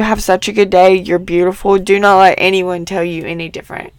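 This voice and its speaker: A young woman with a raspy, smoker-like voice, hosting her own podcast in a rambling, chatty way full of fillers. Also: medium pitch, steady tone, normal speed, few pauses, dry recording. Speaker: podcast host. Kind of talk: casual solo podcast chat.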